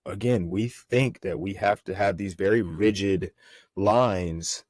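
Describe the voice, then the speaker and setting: A man hosting a podcast, talking casually in a halting way and often repeating words. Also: deep voice, a little mellow, dry recording. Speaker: podcast host. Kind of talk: podcast interview.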